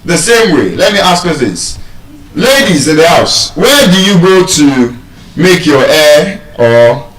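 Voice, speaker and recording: A man's voice: fairly high pitch, takes it slowly, far from the mic. Nigerian male pronunciation tutor, questions the room, echoey and set back from the mic. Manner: animated, asks the audience questions. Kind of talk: live pronunciation class.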